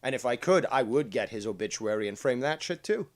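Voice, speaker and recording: A man's voice: medium pitch, expressive, a little fast, background noise. A man hosting a live drama talk show, ranting heatedly and swearing freely. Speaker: stream show host.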